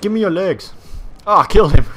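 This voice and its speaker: A young man commentating his own gameplay, swearing freely, yelling at other players and boasting in jest. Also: sits high, animated, fairly quick, a little hiss or hum. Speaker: gaming channel host.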